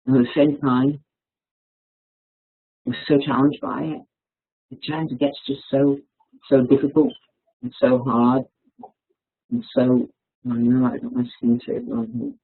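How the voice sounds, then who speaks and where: A man talking reflectively on a webinar, halting and repeating words as he goes. His voice is husky, and the call audio is thin and phone-like. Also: medium pitch, expressive. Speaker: webinar speaker. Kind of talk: casual reflective talk. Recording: tinny phone-like webinar line.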